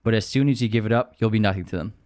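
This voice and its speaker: A man co-hosting a podcast in casual chat, blunt and quick to swear while riffing with his friend. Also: fairly low pitch, a little mellow, no room sound, studio quality. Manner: blunt, swears, riffs on entitled commenters. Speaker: podcast co-host.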